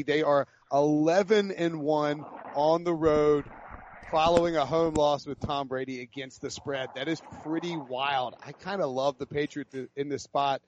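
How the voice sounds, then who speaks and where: A man's voice: on the high side, highs cut off. Man rattling off betting stats. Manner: lively, laughs at his own jokes, rattles off stats. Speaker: sports podcast co-host. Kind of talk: casual sports podcast banter.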